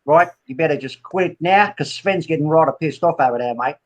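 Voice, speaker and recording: A man's voice: a little high, fairly quick, over a noisy crowd, close to an everyday voice. A man putting on an Australian accent as a blunt bloke telling someone to stop talking. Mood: scolding. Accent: Australian (put on). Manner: scolding, blunt.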